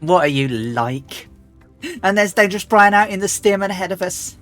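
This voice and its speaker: A woman streamer chatting casually and rambling as she flies a simulator, often restarting and clearing her throat. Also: medium pitch, animated, normal speed, a bit bright, soft background music. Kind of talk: casual live-stream chat while flying a flight simulator.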